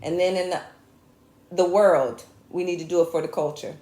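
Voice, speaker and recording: A woman's voice: fairly low pitch, normal speed. A woman with a Southern US accent hosting a casual comedy talk show, joking and speaking with conviction. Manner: animated, joking, preachy asides. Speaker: host. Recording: echoey room.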